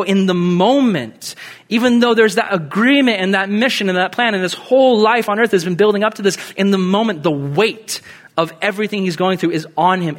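A man preaching a sermon in a conversational, animated way, acting out quoted lines with big swings in pitch and loudness. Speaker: pastor.

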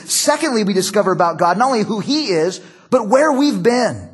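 Husky high-voiced pastor preaching. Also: male voice, big pitch swings, brisk, hardly any pauses. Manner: conversational, storytelling with acted quotes. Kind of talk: sermon.

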